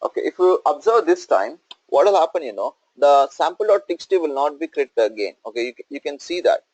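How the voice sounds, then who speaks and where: A man's voice: on the high side, big pitch swings, a little fast, a little mellow, slightly rough, no room sound, poor audio. A male instructor walking through a coding tutorial on screen, explaining step by step and checking in with "okay?" and "right?".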